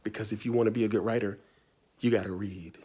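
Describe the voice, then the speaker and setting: A man's voice: on the low side, steady tone, fast talker, dark tone, breathy edge. A man from Virginia answering reader questions in a casual, playful, chatty way from his writing studio. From Tidewater Virginia, US. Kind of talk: casual video Q&A.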